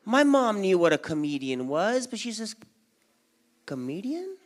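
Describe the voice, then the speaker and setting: Energetic young man doing stand-up. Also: sits high, moderate pace. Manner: energetic crowd work, acts out his parents and friends. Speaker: stand-up comedian. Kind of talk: stand-up comedy set. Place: community center event hall, live audience.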